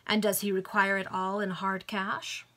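A woman's voice: medium pitch, little pitch movement, normal speed, bright, forceful tone, natural voice. A woman voicing a desperate male Victorian banker in a read-aloud novel, pleading and agitated.

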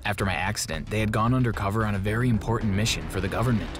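A man giving scripted first-person narration of an animated story in a plain, steady telling. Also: fairly low pitch, rapid-fire, few pauses. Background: background music.

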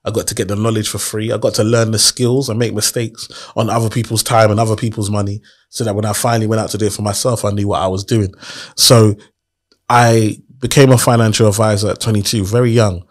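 A man's voice: fairly low pitch, level tone, fast talker. A man tells his story in a casual interview, earnest and motivational, often asking rhetorical questions. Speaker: guest.

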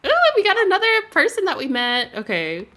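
A woman's voice: sits high, wildly swooping pitch, brisk, fairly bright tone. A young woman giving casual, playful commentary on a life-sim game, laughing often. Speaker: gaming YouTuber. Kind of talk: casual let's play commentary.

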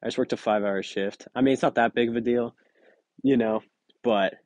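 A man's voice: mid-range voice, steady tone, fairly quick, darkish tone, no room sound. A tired young man giving casual, giggly, self-mocking commentary while playing a mobile game. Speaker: gaming video creator.

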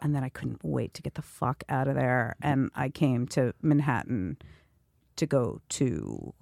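A woman's voice: rumbling low, very animated, measured pace, vocal fry, a little mellow, no room sound, clean studio sound. A middle-aged woman from Queens, chatting as a guest and acting out other people's voices. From Queens, New York. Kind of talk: casual chat.

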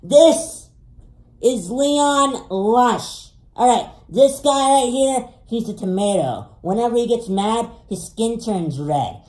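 A man from Canada hosting a crude comedy video, showing off photos of friends with drawn-out delivery, swearing and sudden shouts. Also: extremely high pitch, expressive. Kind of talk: comedic show-and-tell monologue. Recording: echoey room.

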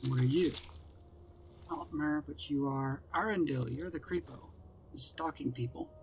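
A gameplay commentator records a casual let's-play, offering wry remarks as he plays and often addressing himself and the game's characters. His voice sits fairly high, his pace is unhurried, and there's slight background noise.

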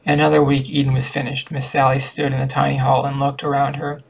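A man reading a short story aloud as an amateur audiobook narrator, halting at times with slips and restarts. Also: medium pitch, monotone, gravelly, rough recording. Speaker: audiobook reader.

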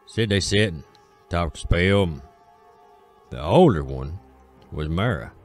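A man with an Appalachian accent telling a folk tale in a slow, drawling way, with dramatic pauses. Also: deep voice, animated, faint music behind. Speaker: storyteller. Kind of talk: folksy spoken storytelling.

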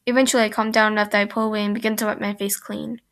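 A young woman reading a fan fiction aloud in first person, halting and restarting mid-sentence, and breaking off for chatty asides. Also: medium pitch, flat delivery, fairly bright tone. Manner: breaks off for chatty, giggly comments.

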